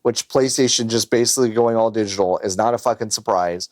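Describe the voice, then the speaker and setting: A man's voice: fairly low pitch, a little fast, dry recording, clean studio sound. A man co-hosting a podcast in casual chat, swearing freely and acting out voices. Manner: animated, swearing, acts out voices. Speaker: podcast co-host.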